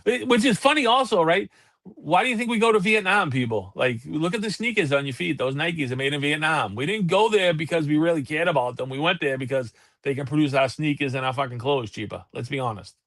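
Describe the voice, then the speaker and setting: A man's voice: fairly high pitch, lively intonation, brisk, a bit bright, dry recording. A man hosting a live talk show, ranting in heated, profane casual chat. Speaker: podcast host.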